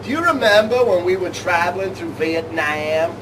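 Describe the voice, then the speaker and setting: A man's voice: high voice, lively intonation, moderate pace, distant mic, background noise. A man co-hosting a comic sports show, jokey and rambling. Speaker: co-host.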